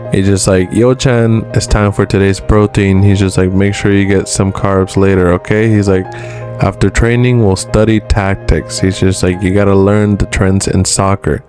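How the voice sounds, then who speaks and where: A man's voice: deep voice, mellow. A man in a casual manga chapter recap who retells each scene in a loose way and keeps saying "he's like.". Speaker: manga reviewer.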